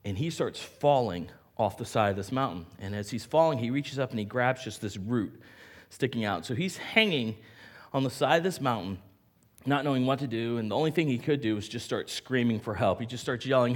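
Animated man preaching a story. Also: mid-range voice, normal speed. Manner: animated, acts out voices in a story. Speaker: pastor. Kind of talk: sermon with storytelling. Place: church sanctuary.

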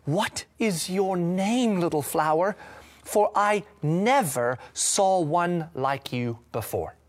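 A man reading the lines of a timid young woman pilgrim aloud, slow and gentle. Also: a little high, lively intonation. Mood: tender.

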